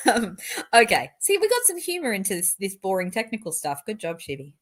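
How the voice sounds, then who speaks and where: A young adult woman hosting a casual technical chat, animated and joking at her own expense. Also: medium pitch, fairly quick. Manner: animated, self-mocking, jokey asides. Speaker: host.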